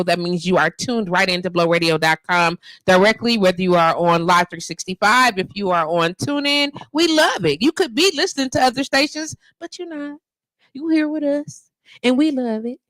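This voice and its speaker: Woman in her 50s hosting a live show from home, animated and slangy, dry close mic sound. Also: fairly high pitch, no room sound, poor audio. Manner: animated, emphatic and chatty, lots of slang. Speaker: show host. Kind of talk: casual live radio show chat. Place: home studio. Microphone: handheld mic at home.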